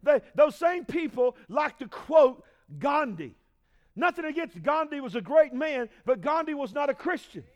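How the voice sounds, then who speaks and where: A man preaching a sermon as pastor, calling out to the congregation, swinging from shouts to low, quiet lines. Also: lively intonation, moderate pace, muffled recording. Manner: preaching with call-and-response, shouting peaks and dropping low.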